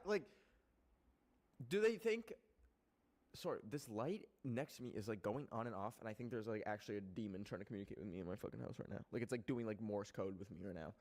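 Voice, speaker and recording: A man's voice: mid-range voice, fairly quick. Rambling, foul-mouthed young Canadian man. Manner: animated, rambling, heavy swearing and filler words. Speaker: streamer. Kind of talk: casual rant to a live chat.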